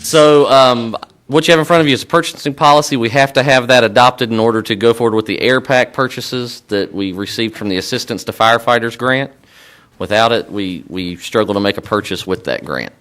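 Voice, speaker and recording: A county staff member, a man, briefing a board in a brisk, matter-of-fact way. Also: medium pitch, fairly bright tone. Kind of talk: presenting at a public meeting.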